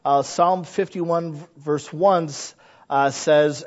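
A man's voice: on the high side, fairly even intonation, takes it slowly. A man preaching a sermon in an earnest, conversational way, often asking rhetorical questions. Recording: dull lo-fi recording.

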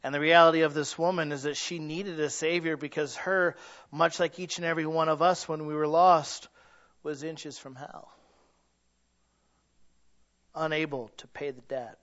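A male pastor delivering a sermon, dropping to hushed low lines and building to loud peaks, acting out quoted voices as he tells stories. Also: steady tone, moderate pace, pauses often. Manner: acts out quoted voices in storytelling. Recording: dull lo-fi recording.

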